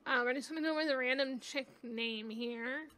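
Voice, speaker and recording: A woman's voice: high voice, normal speed, pushed and bright, smooth. A woman giving casual, chatty gameplay commentary at home on a webcam mic, thinking aloud as she goes. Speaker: gaming YouTuber.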